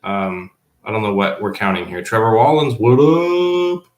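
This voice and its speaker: Male teacher, lowish voice, offhand livestream chatter, roomy echo. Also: normal speed. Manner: reads viewer comments aloud and answers them offhandedly. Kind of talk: casual livestream chat. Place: at home, below the baby's room.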